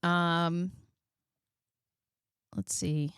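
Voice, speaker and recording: Woman, 30s, livestream commentary host. Blunt, chatty, profane. Smooth voice, dry close mic. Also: lowish voice, flat delivery, very slow, fairly bright tone, no echo. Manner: chatty, blunt, swears, thanks viewers.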